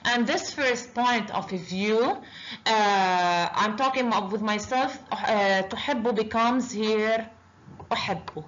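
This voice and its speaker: Woman teacher going over basics slowly, lots of uhs, bit dull lo-fi sound. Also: on the high side, animated, fairly bright tone. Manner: slow and deliberate, with many drawn-out uhs. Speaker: Arabic teacher. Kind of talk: online language lesson.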